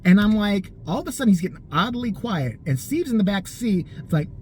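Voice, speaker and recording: A vlogger telling a personal story casually, animated, profane and sarcastic, acting out the people in it. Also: medium pitch, fairly quick, slight background noise.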